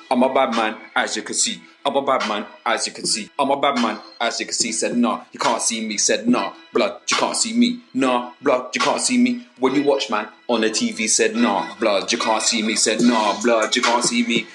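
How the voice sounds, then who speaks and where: A man's voice: mid-range voice, lightly acted. Man doing a brash grime MC. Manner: brash, boastful, repetitive bars. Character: swaggering young male grime MC, bragging rival. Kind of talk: comic diss-track rapping. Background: music beat.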